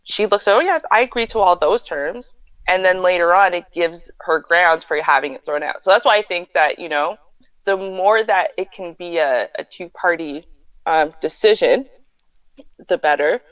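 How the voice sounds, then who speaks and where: A woman hosting a casual livestream advice chat, explaining points in a measured way with a muffled voice. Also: fairly low pitch, a bit bright, clean tone, no room sound. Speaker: host. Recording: muffled lo-fi dry sound.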